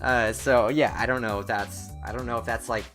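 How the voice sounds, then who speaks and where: A man hosting a gaming video, giving excitable let's-play commentary and talking straight to his viewers. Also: medium pitch, brisk, soft background music. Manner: animated, laughing, talks straight to viewers.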